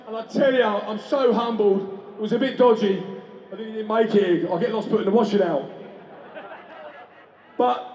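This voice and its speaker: Impassioned man speaking at a street rally. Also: sits high. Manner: chanting, impassioned, self-deprecating. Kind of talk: shouted rally speech. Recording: distant, echoey, dull PA sound in a street. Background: crowd noise.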